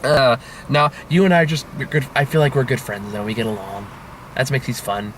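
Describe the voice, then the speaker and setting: Bright-voiced chatty young man. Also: medium pitch, steady tone, brisk, a little hiss or hum. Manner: chatty, laughs often, swears casually, fillers and restarts. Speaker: movie review host. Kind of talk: casual movie review chat.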